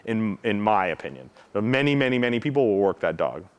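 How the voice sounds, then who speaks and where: A man's voice: lowish voice, very animated, fast, clean tone. A man explaining protection dog training to students in a casual teaching tone, often checking in with "right?" and acting out how dogs react. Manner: frequent tag question "right?"; acts out dog reactions with his own voice.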